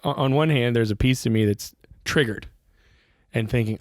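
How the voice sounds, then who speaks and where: A man's voice: mid-range voice, moderate pace, no room sound. Podcast host guy, mid voice, laughs a lot, pokes fun at himself, dry sound. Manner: laughs easily, self-deprecating asides. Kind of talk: casual podcast conversation.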